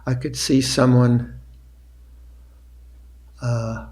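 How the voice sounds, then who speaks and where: An older man, a meditation teacher, giving a reflective dharma talk on a retreat, speaking slowly with pauses and restarts. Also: mid-range voice, level tone, darkish tone.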